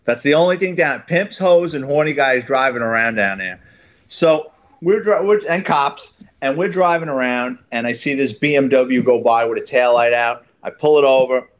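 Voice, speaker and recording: A man's voice: mid-range voice, animated, moderate pace, dull audio. A man, a police officer, tells a story animatedly and acts out the dialogue. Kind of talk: casual storytelling.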